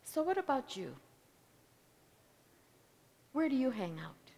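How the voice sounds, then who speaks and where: Slow, dramatic woman preaching in a hall. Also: sits high, very animated, creaky. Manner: dramatic, swings from loud declaration to hushed whisper. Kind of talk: sermon storytelling. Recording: long reverb of a large hall.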